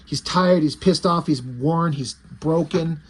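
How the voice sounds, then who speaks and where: A man with a husky, slightly high voice walks through a graphic novel page by page. He talks casually and enthusiastically, swearing now and then when something impresses him. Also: unhurried. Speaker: comic book reviewer. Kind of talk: casual book review retelling.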